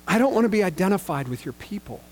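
A male preacher talks fast through a relaxed, conversational sermon, retelling the story casually and slipping into slangy paraphrases of what the characters say. He also reads longer scripture passages aloud, and his voice is a little higher than most men's.

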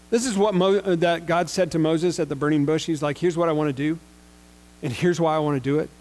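A male preacher delivers a sermon in a relaxed, conversational manner, slipping into slangy paraphrases of the characters. His voice sits a little higher than most men's. He also reads longer scripture passages aloud. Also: a little fast, a little hiss or hum. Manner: casual, conversational retelling with slangy paraphrased quotes.

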